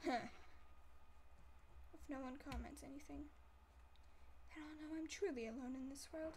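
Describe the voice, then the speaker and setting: High-voiced giggly woman gamer. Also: normal speed, very noisy. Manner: giggly, playful and melodramatic. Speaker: gameplay commentator. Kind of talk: casual let's-play commentary.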